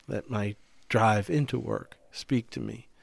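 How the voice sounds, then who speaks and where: Middle-aged male co-host, gravelly and dry, reflective, acts out quotes. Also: fairly low pitch, unhurried, no echo. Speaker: podcast co-host, therapist. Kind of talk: casual conversation.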